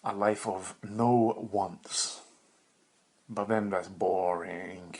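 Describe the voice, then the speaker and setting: A man's voice: sits low, fairly even intonation, drawn-out words, a little mellow. A young man hosting a solo podcast, rambling in a meandering, profane, self-mocking way with bursts of laughter. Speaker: podcast host.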